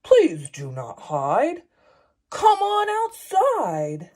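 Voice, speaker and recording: A woman's voice: sits high, huge pitch swings, drawn-out words, darkish tone, full character voice. A woman voicing a friendly, eager bear who calls to a hidden friend and pleads with it to come out. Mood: welcoming. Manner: pleading, repeating questions.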